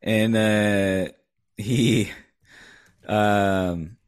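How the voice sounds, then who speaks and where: A Dutch-accented man co-hosting a podcast, his voice sitting fairly low. He talks casually and loosely, with plenty of fillers and self-corrections as he works out what he wants to say. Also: steady tone, clean tone. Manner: halting, many fillers and restarts while searching for words. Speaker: podcast co-host. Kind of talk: casual chat.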